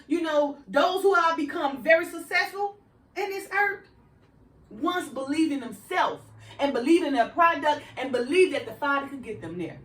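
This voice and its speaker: A woman's voice: high voice, recorded from a distance. A woman giving an informal sermon, preaching conversationally and checking in with "right?" and "you know" often. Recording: echoey room, voice set back from the mic.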